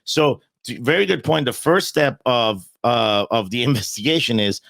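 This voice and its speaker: A man's voice: mid-range voice, expressive, normal speed, creaky, a bit bright, no echo. A man in a casual podcast conversation, talking bluntly and emphatically, often repeating words as he starts a point and swearing freely.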